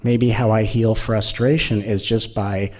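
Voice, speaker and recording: A man's voice: lowish voice, little pitch movement, a little slow, darkish tone. A man giving a spiritual teaching talk in a playful, rhetorical way, with many questions to his listeners. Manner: playful and rhetorical, acting out mock inner voices.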